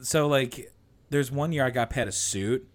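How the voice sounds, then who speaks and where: A man's voice: medium pitch, a little slow. A man co-hosting a casual podcast, telling rambling stories full of swearing and laughter. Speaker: podcast co-host.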